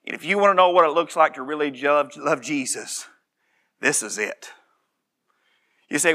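Male preacher, high bright voice, slow scripture reading, rises to impassioned shouts. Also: lively intonation. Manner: builds to impassioned shouting, then drops quiet and earnest; reads scripture aloud slowly. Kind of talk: sermon.

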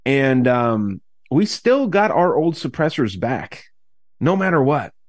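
A man's voice: medium pitch, sing-song, slow pace, no room sound, studio quality. A man hosting a podcast in casual chat, rambling and swearing, with many restarts. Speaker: podcast host.

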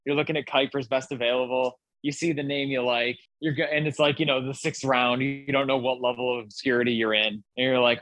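A man's voice: mid-range voice, level tone, brisk, hardly any pauses, fairly bright tone, no room sound. A man with a mid-range voice co-hosts a casual sports podcast and riffs with dry, playful humor. The recording is close and dry, with no room sound. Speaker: podcast co-host.

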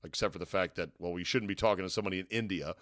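A man's voice: low-pitched, steady tone, rapid-fire, a bit bright, dry recording, studio quality. A man hosting a sports talk podcast, giving a casual monologue with wry, sarcastic asides from a hotel room.

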